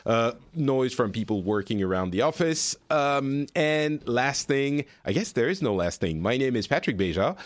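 A man's voice: fairly low pitch, no room sound. A man hosting a gaming podcast from an office, chatting casually and joking. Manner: lively, joking, self-deprecating. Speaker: podcast host. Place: office in Paris with people working nearby.

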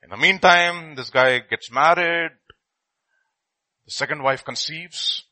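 A middle-aged man telling a story in a sermon, swinging between loud and hushed. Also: fairly high pitch, takes it slowly, dry recording, poor audio.

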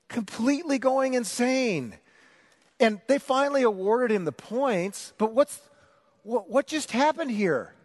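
A middle-aged man preaching a sermon, telling a story about himself in an animated, self-mocking way and acting out the shouting. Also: extremely high pitch, unhurried. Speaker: pastor.

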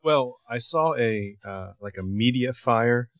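A man co-hosting a casual podcast with wry, understated humor and a low-key delivery. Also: animated, takes it slowly, fairly bright tone, no echo. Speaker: podcast co-host.

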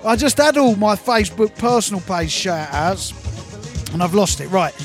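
Cheeky radio DJ over music. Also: male voice, high voice, moderate pace. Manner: cheeky, rambling, sings along and laughs. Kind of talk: live radio shout-outs. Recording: music playing behind the voice.

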